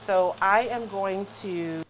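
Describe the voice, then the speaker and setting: A man's voice: high-pitched, takes it slowly, a little hiss or hum, rough recording. A man demonstrating crafts on a livestream, thinking aloud in a scattered, self-deprecating way. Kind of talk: casual craft demo chat.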